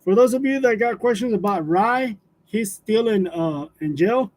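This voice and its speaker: A high-voiced man chats loosely with his livestream viewers. He laughs often, trails off with fillers and drifts from story to story. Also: lively intonation, moderate pace, a little mellow. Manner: laughs often while telling stories, chatty with fillers. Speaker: livestream host. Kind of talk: casual livestream chat with viewers.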